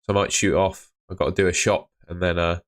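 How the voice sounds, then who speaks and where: Low-voiced man chatting on stream. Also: level tone, fast talker. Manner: chatty, reads out chat comments. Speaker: fantasy football streamer. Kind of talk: casual live stream chat.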